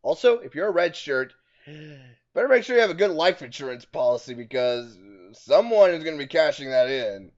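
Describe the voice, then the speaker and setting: A man with a fairly high voice speaks fairly quickly while commenting on his game as a let's play host. His casual commentary is excitable and full of jokes, punctuated by frustrated outbursts, and the sound is muffled with faint music in the background.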